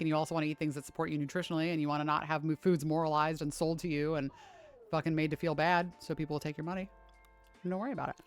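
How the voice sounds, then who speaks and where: Woman, fitness streamer, casual livestream chat, profane, ranty, faint music behind. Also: deep voice. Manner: profane, ranting, chatty.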